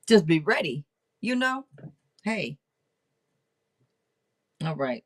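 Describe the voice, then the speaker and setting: Lively, direct woman reading tarot. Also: fairly low pitch, unhurried, pauses often. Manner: direct and playful, teasing viewers. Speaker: tarot reader and livestream host. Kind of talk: casual livestream tarot reading.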